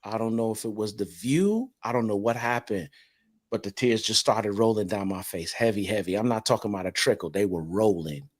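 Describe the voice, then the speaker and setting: A man from North Carolina telling a personal story in a casual group chat, animated and repeating words for emphasis. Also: fairly low pitch, a little fast. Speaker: panelist.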